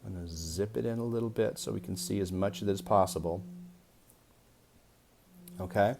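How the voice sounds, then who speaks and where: Slow-reading man teaching young kids. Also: lowish voice, gravelly, a little mellow. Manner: slow, deliberate reading aloud with pauses. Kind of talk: early-grade reading lesson.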